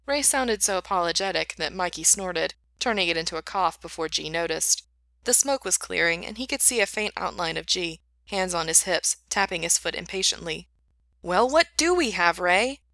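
A woman narrating a story in an even, steady reading voice. Her tone is bright and forward, with a slightly low pitch. The recording is dry and close. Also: moderate pace, creaky, dry recording.

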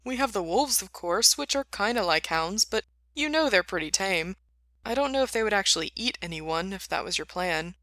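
Lady doing a nervous, sorry-sounding young guy, a bit higher, bright. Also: lively intonation, normal speed, no echo, clean studio sound, natural voice. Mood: matter-of-fact. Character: anxious, apologetic young man, a loyal helper.

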